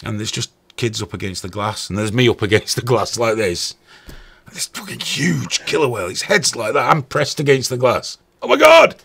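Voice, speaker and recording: Male host, gravelly and husky, swearing storyteller, lively delivery. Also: medium pitch, moderate pace. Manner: profane, animated storytelling. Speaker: podcast host. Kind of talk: casual chat.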